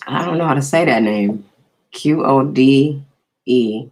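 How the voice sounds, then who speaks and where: A man's voice: mid-range voice, measured pace, a little mellow, poor audio. A man hosting a casual live stream, chatting easily and greeting viewers by name.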